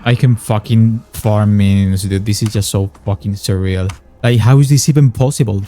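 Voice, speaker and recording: A man's voice: fairly low pitch, normal speed, dark tone, a little hiss or hum. A young man giving frustrated, sarcastic gameplay commentary, swearing often. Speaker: gaming YouTuber.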